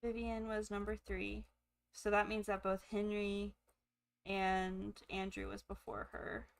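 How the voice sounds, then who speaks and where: A woman with the hiccups giving excitable let's play commentary, thinking aloud as she plays. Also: mid-range voice, measured pace, clean tone. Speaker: gamer.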